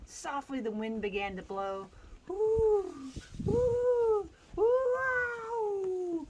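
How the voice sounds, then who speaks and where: A woman's voice: mid-range voice, a little hiss or hum, poor audio. Brief: woman reading a storybook aloud on a farm, playful asides, laughs a lot, faint animals around. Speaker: farm host reading a picture book aloud. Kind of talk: casual read-aloud with chatty asides. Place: outdoors on a farm.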